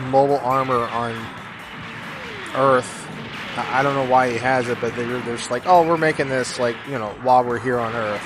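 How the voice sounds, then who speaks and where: A man giving rambling, jokey gameplay commentary, with sudden loud bursts of excitement. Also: mid-range voice. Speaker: gaming YouTuber. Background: game music.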